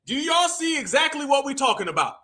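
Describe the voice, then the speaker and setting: Male stream host, very high voice with a sharp edge, mocking and preachy, breaks into shouts. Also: big pitch swings, brisk. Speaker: livestream host. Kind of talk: live commentary stream.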